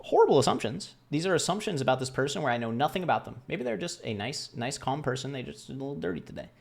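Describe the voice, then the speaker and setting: A man's voice: mid-range voice, sing-song, quick pace, vocal fry. A young man casually telling a story to camera in a rambling, self-deprecating way, acting out the voices of the people he quotes. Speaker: vlogger.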